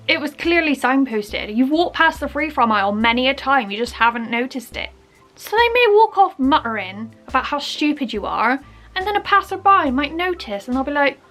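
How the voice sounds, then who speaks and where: A woman's voice: high-pitched, fairly bright tone. A young woman from Bristol with a Bristolian accent, chatting playfully in a comedic vlog. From Bristol, England. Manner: playful, chatty, acts out little scenes. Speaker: vlogger.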